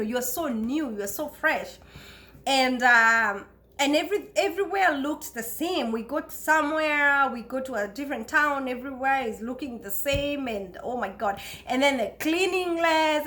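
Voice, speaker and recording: A woman from Kenya with a Kenyan accent, telling stories about her life abroad in a chatty, expressive way and often breaking into laughter. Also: sits high. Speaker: vlogger. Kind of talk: casual storytelling to camera.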